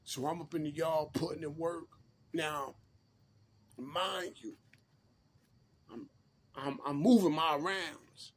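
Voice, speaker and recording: A man's voice: fairly high pitch, steady tone, takes it slowly, pauses often, breathy edge. A man, casually telling a prison story in laid-back street slang and repeating himself.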